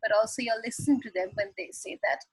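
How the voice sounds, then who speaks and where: Sri woman, husky and dry-sounding, earnest guest expert on a video call. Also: a little high, fast talker, dry recording, rough recording. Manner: earnest, explains with examples. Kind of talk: advice talk on a video call.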